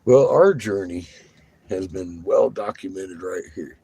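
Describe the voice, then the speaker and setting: A man's voice: low-pitched, measured pace, vocal fry, warm tone, slightly rough, no room sound, rough recording. A man vlogging from inside a vehicle, chatting to viewers with frequent laughs and cooing baby talk at a puppy. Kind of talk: casual chat to viewers.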